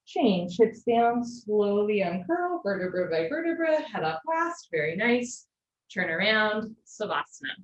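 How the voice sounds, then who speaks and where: A woman teaching a live online yoga class, giving steady posture cues with gentle encouraging asides. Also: mid-range voice, a little slow, slight background noise. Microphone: video call. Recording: echoey lo-fi video call audio.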